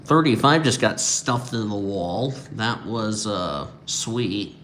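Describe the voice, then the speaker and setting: A tired man giving casual live commentary of a sim racing league, reacting loudly to crashes while yawning. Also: on the low side, lively intonation, slow pace, hardly any pauses, a little hiss or hum. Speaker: race commentator.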